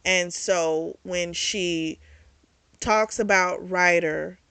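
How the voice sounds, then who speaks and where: A woman hosting a book club channel, recapping a novel in a casual, animated way and swearing freely. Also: fairly low pitch, drawn-out words, smooth, dry recording.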